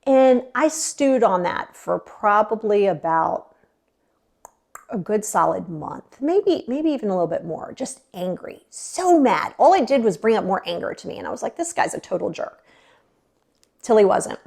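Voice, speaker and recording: A woman in her thirties telling a personal story as a podcast guest, candid and expressive, often acting out what people said. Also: mid-range voice, measured pace, gravelly. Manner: candid and expressive, mimics voices in retellings. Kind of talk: casual storytelling.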